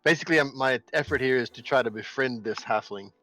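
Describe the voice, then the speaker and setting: Man player, bright voice, hesitant, tabletop game, dry mic, faint music. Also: mid-range voice, quick pace, no room sound, poor audio. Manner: describing actions hesitantly.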